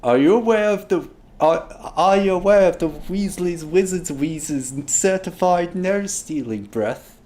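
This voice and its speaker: A man's voice: high-pitched, a little slow, voice pushed up. Ron, a man doing a hammy joking wizard. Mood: jovial. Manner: loud, hammy and playful.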